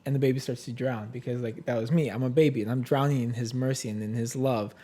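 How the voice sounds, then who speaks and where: A man's voice: mid-range voice, steady tone, fast, warm tone. A man hosting a faith podcast, talking casually and searching for words with many fillers and restarts. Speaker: podcast host.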